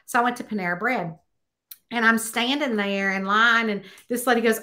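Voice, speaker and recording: A middle-aged woman in casual conversation, her voice bright and pitched a little high. She tells anecdotes with animated, acted-out quotes and many fillers. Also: normal speed. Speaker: mystery author, host. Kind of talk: casual chat.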